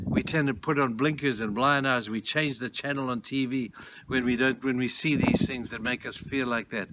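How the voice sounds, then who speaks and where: Male pastor, mid-pitched, emphatic sermon delivery, background noise on the track. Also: moderate pace. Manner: earnest, emphatic preaching, urging listeners. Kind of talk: devotional sermon. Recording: noisy recording.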